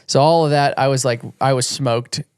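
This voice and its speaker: A man in his thirties tells stories in loose podcast chat, circling back and restarting his sentences and cursing without a second thought. His voice sits at a middle pitch and is recorded dry and close, with no room around it. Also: steady tone, normal speed, clean tone, dry recording. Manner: rambling, many restarts, swears freely. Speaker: podcast guest, retired motocross champion. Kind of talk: casual storytelling chat.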